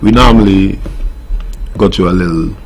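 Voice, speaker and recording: Deep-voiced Nevisian man, steel pan tutor. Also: normal speed, a little hiss or hum. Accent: Nevisian Caribbean English. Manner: earnest, firm when listing rules. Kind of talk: casual interview answers. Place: radio studio.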